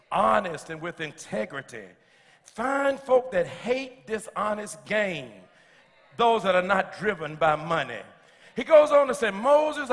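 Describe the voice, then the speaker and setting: A man preaching a sermon as pastor, calling out to the congregation and building to shouts, with touches of humor. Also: extremely high pitch, long reverb tail. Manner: slips in humor. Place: church sanctuary.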